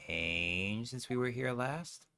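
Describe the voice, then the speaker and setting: A man voicing a bubbly, excitable young woman in a perky, loud falsetto. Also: slow pace, noisy background. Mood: excited.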